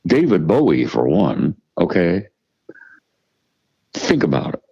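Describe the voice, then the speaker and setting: Gravelly older man telling blunt stories. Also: sits low, wildly swooping pitch, takes it slowly, mellow, muffled recording. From United States. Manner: profane, emphatic, restarts and repeats words. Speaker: musician guest. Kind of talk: storytelling interview.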